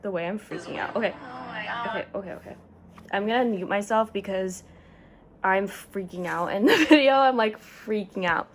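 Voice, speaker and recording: A young woman chatting casually to camera as a vlogger, excitable and gushing, full of "like". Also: mid-range voice, moderate pace.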